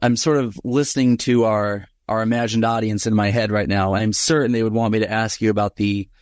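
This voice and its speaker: A man's voice: on the low side, steady tone, brisk, darkish tone, no echo, studio quality. A man hosting an interview, asking friendly, thoughtful questions. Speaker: interview host.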